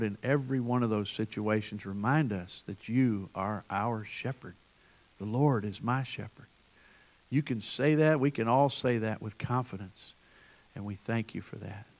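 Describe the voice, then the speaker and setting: A man pastor preaching a sermon, building emphatic repeated refrains and then praying softly. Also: fairly low pitch.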